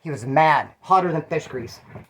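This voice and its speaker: In a fairly bright voice on the high side, at a moderate pace, a Bakersfield, California man spins casual prison tales. He rambles, swears, uses slang, and keeps breaking off into side comments.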